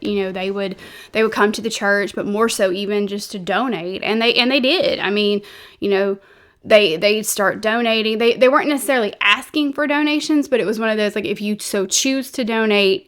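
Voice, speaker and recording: A woman, hosting a true crime channel and telling the story in a chatty, rambling way full of fillers and restarts. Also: mid-range voice. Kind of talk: casual storytelling monologue.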